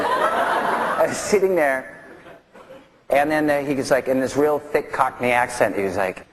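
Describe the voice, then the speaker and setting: A man's voice: medium pitch, a little fast, crowd noise. A man from a band telling a rambling anecdote in an interview, laughing as he goes. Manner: rambling, laughing through the story. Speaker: band member.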